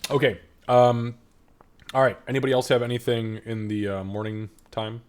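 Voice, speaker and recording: A man's voice: medium pitch, level tone, normal speed, a little mellow. A man running a tabletop game as game master, narrating casually with many fillers.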